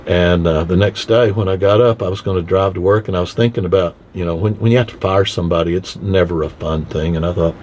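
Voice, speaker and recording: A veterinarian telling a heartfelt personal story from inside his car, halting and restarting as he speaks. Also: low voice, darkish tone, a little hiss or hum. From Texas. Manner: halting, with many restarts and repeated words. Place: inside a car, window open.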